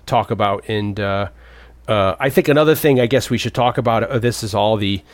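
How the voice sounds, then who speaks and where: A man in his thirties co-hosting a casual movie podcast, rambling and often jumping up in pitch to act out the characters. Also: a little fast, dry recording. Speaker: podcast co-host.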